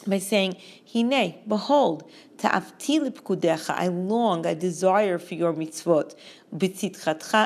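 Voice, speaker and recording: A woman giving a verse-by-verse scripture lesson, reading each verse in Hebrew and then explaining it in a measured way. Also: fairly low pitch, a little mellow. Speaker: Torah teacher.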